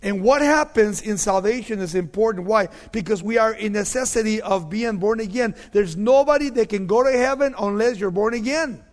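A man preaching a sermon, emphatic, repeating key phrases and dropping to low, quiet tones. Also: normal speed, few pauses, big-room sound.

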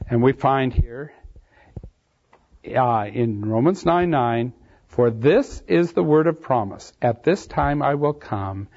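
A man with a mid-range, slightly mellow voice preaches in an expository style, reading Bible passages aloud and unpacking them verse by verse with heavy emphasis on key phrases. The sermon is captured in a dull, lo-fi recording.

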